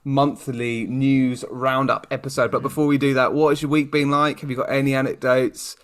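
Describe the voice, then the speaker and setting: A man's voice: medium pitch, level tone, normal speed. A British man co-hosting a podcast in casual chat, friendly and speaking directly to the listener over a video call. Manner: chatty, addresses the listener directly. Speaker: podcast co-host.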